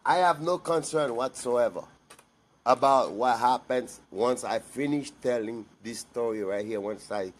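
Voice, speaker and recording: A man's voice: mid-range voice, unhurried. A man giving a blunt, emphatic personal monologue to camera, repeating himself for stress.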